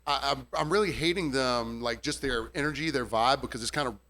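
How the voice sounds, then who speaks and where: A man's voice: medium pitch, brisk. A man who works as a bartender, telling a story in a casual podcast chat, swearing freely and imitating customers. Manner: animated, profane, mimics customers' voices.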